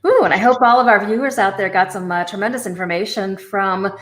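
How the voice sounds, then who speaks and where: A woman's voice: mid-range voice, brisk, a bit bright. A woman hosting a casual chat, upbeat and affirming. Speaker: host.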